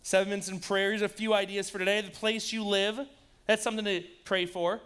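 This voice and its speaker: A man preaching a lively youth-group sermon, joking and talking straight to the students in front of him. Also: sits high, fairly quick, clear, resonant tone. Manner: joking, energetic, addresses the audience directly. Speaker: youth pastor.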